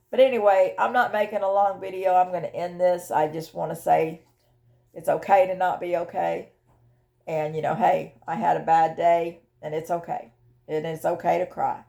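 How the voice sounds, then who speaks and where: An older woman talking candidly about her grief in a personal vlog, emotional and halting, often repeating words as she searches for them. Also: on the low side, creaky, a little mellow. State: widowed, tearful. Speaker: vlogger sharing her grief journey.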